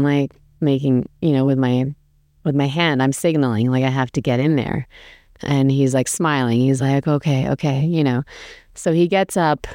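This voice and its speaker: A woman's voice: very deep voice, darkish tone, no echo, clean studio sound. A woman casually telling a travel story, chatty and self-deprecating, with many fillers.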